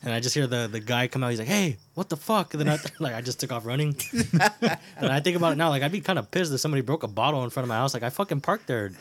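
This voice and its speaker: A man's voice: mid-range voice, racing, a little hiss or hum. A man co-hosting a podcast, telling stories in a rambling, laughing way. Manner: rambling, laughing, lots of fillers. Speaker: podcast co-host. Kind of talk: casual chat.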